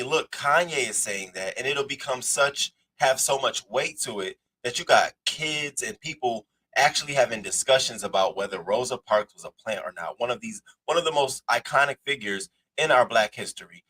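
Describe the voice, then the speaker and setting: Forceful, blunt man ranting on celebrity news. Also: mid-range voice, expressive, normal speed, few pauses, slight background noise, low-quality recording. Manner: blunt and profane, emphatic. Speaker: host of a celebrity news show. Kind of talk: heated commentary rant.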